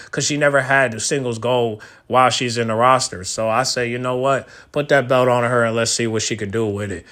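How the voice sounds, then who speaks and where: A man's voice: medium pitch, sharp tone. A man giving his opinions in a casual vlog, slangy and chatty, often restarting and correcting himself mid-sentence. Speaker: wrestling commentary vlogger.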